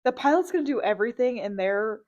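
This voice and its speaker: Female co-host, higher voice, casual and quick, laughs often. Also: lively intonation, darkish tone, dull audio. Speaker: podcast co-host. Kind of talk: casual chat.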